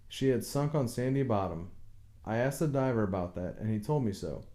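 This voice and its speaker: A man's voice: mid-range voice, lively intonation, fairly quick, mellow, close to an everyday voice. A man reading an audiobook, voicing a stubborn village boat builder who speaks plainly but insistently and deferentially to authority.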